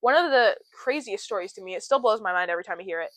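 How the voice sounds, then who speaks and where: A young woman co-hosting a casual faith podcast, chatty and earnest, retelling Bible stories with lively quoted voices. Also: mid-range voice, racing, dry recording, low-quality recording. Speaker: podcast co-host.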